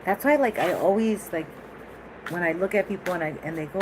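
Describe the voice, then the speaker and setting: Woman tarot reader, lowish voice, rambling and chatty, noisy recording. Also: moderate pace. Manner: chatty, animated, laughs often, rambling asides. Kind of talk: casual tarot reading.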